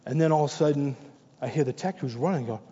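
A man's voice: fairly high pitch, fast, warm tone. A male pastor preaching a sermon in a conversational, anecdotal way, repeating short exhortations for emphasis. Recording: long reverb, dull muffled sound.

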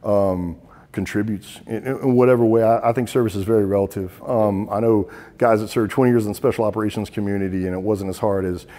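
A middle-aged man, a military veteran, tells stories in an interview, earnest and halting, often repeating words as he goes. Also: on the low side, steady tone, mellow, big-room sound. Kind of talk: interview storytelling.

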